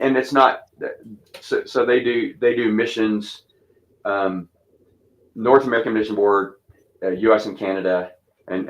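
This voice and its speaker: The sound is lo-fi as a Texas pastor in his fifties tells church mission stories. Relaxed and rambling, he speaks in a low voice with a light twang, looping back through restarts and fillers.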